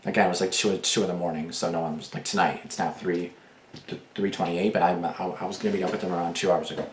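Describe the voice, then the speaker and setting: A deep-voiced man rattles off a late-night story at speed, full of swearing, restarts and "like"s. He is a reaction video host talking casually, and his voice rings in an echoey room. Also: fairly even intonation, fast talker, a little hiss or hum. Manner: profane, rambling, many restarts and fillers.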